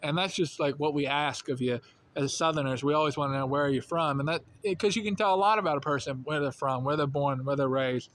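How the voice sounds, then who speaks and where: A man's voice: fairly high pitch, steady tone, quick pace, fairly bright tone, slight background noise. A young man from rural North Carolina with a light Southern accent, talking in a casual, rambling monologue full of fillers and restarts. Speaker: channel host.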